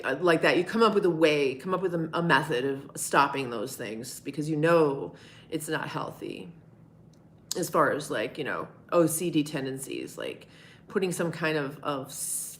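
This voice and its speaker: A middle-aged woman with a notably low, deep voice chats casually on a live stream. She talks in a candid, meandering way, answering viewers one by one and dropping curse words without a second thought. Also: animated, normal speed, slight background noise. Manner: candid, rambling, swears freely. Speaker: livestream host answering chat.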